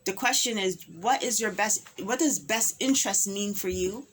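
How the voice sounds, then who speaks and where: A woman's voice: mid-range voice, normal speed, slight background noise. A woman speaking an impassioned personal monologue, emphatic and repetitive, full of rhetorical questions.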